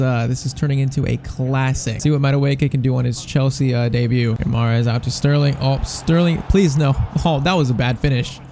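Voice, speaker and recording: A young man giving excitable, incredulous commentary while playing a football video game. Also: medium pitch, slight background noise. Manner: excitable, incredulous, self-mocking. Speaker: gaming YouTuber. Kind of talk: live gameplay commentary.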